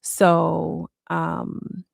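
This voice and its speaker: A woman's voice: deep voice, completely flat delivery, very slow, creaky, dry recording, clean studio sound. A woman chatting casually on a live stream from her home, rambling loosely and filling her talk with "like.". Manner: rambling, loose, full of "like" fillers. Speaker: livestreamer.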